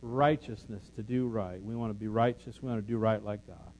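A man preaching a sermon, moving between loud emphatic declarations and soft conversational teaching. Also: lowish voice, a little fast. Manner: shifts from loud scripture and sung lines to soft conversational teaching; lively, emphatic preaching with repetition and humor. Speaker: pastor.

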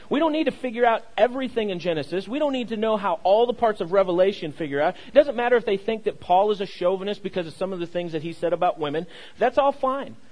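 A young adult male pastor preaches a sermon in a high-pitched, darkish voice captured on a low-quality recording. He repeats key phrases and leads the congregation in call and response, stammering and restarting often.

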